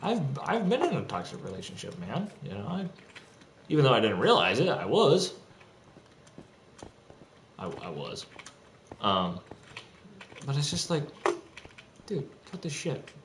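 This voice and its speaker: A man's voice: mid-range voice, wildly swooping pitch, measured pace, long pauses, fairly bright tone. Profane young man ranting in an echoey room. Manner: agitated, profane, rambling with restarts. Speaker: streamer. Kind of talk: ranting monologue. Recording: echoey room, faint background noise.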